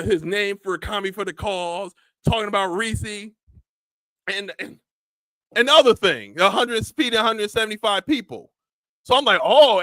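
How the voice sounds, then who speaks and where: A man with a high, sharp-edged voice hosts his own podcast in loose, casual chat. He tells his story in an animated, rambling way, restarting sentences as he goes. The sound is close and dry. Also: no echo, poor audio. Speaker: podcast host.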